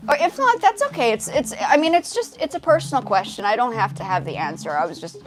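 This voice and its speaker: Young woman, light South African accent, slightly high voice, rambling live-stream chat with faint music underneath. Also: sing-song, quick pace. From half South African, now living in the States. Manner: chatty, hesitant, restarts often, reads viewer comments aloud. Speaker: livestream host, music composer. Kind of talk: casual livestream chat with viewers. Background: her music track playing faintly.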